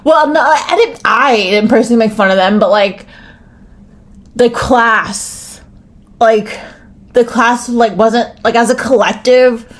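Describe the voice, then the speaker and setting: A woman's voice: fairly high pitch, unhurried. American woman ranting on her own podcast, swears a lot, rambly, says like constantly. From United States. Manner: rambling, profane, restarts and many "like"s. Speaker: podcast host. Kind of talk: solo podcast rant.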